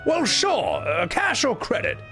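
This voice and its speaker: A man voicing a loud, cheery, folksy bartender with a sing-song drawl. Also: extremely high pitch, wildly swooping pitch, unhurried, soft background music, voice pushed up, full character voice.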